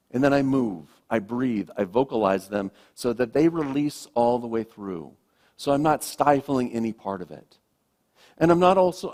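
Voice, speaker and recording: Male minister, slightly higher voice, gentle reflective sermon delivery, soft phrase endings.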